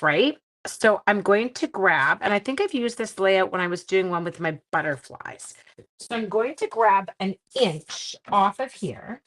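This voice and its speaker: A woman's voice: mid-range voice, a bit bright. Chatty woman demonstrating card-making. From Canada. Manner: chatty and self-deprecating, thinking aloud. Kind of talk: casual live-stream craft demo.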